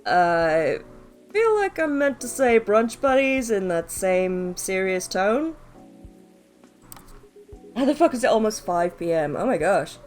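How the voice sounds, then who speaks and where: A woman's voice: medium pitch, very animated, slow pace, long pauses, a little mellow, soft background music. A woman streaming a game live, chatting casually with viewers, swearing freely and joking about herself. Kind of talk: live-stream gameplay commentary.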